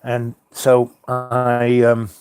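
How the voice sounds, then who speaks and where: A man's voice: mid-range voice, monotone, extremely slow, a little mellow, clear, resonant tone, no echo, soft background music. Rambling middle-aged male storyteller, dry sound. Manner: meandering, full of ums and you-knows. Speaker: storyteller host. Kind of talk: rambling spoken-word storytelling.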